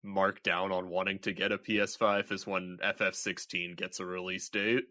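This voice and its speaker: A man co-hosting a gaming podcast in casual chat, enthusiastic and quick to laugh. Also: low voice, little pitch movement, sharp tone. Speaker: podcast co-host.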